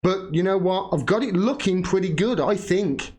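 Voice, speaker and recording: Man, fiery political rant, swearing, voice a touch high. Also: moderate pace. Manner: heated, swearing, rising to shouting pitch. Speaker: political commentator. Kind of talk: angry political rant to camera.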